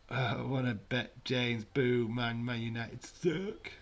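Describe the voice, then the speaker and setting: A man giving jokey, casual commentary on a live watch-along stream from his flat. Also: mid-range voice. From United Kingdom. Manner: jokey, banters with chat. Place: home, in a flat.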